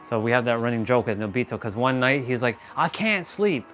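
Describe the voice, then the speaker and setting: A man's voice: mid-range voice, steady tone, quick pace, a bit bright, soft background music. A man hosting a casual motivational livestream, rambling and playing with words while talking to his chat. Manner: rambling, playful wordplay, talks to chat. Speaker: livestream host. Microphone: phone or laptop for live stream.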